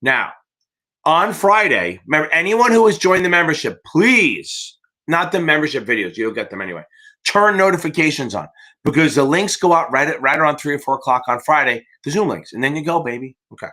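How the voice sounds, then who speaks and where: A man hosts a livestreamed exam-prep Q&A, rambling off on tangents and swearing freely while he hypes up his students. His voice sits a bit high and swings widely in pitch. The tone is bright and forceful. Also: big pitch swings, fairly quick. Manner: profane, rambling, hyped-up cheerleading. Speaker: exam prep tutor hosting a live Q&A. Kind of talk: livestream Q&A chat.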